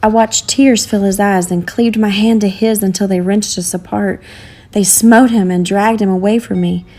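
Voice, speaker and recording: A woman's voice: mid-range voice, steady tone, moderate pace, darkish tone, soft background music. Woman reading a storybook aloud. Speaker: narrator.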